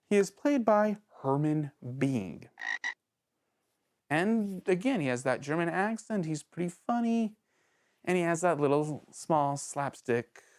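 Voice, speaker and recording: A man hosts a casual video review show ranking villains, speaking in an animated, jokey manner. He rambles and interrupts himself, his pitch jumping suddenly.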